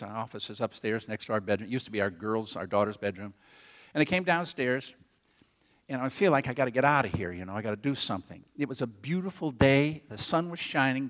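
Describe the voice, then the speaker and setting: In a church auditorium, an older man preaches a sermon as a rambling, folksy story, poking fun at himself and tossing quick asides to the congregation in rural phrasing. His voice is medium-pitched and a bit bright, picked up by a handheld or headset mic.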